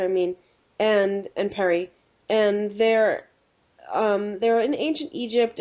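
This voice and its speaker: A woman co-hosting a casual podcast, ranting with animated exasperation. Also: mid-range voice. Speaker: podcast co-host. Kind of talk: casual chat. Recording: dull lo-fi recording.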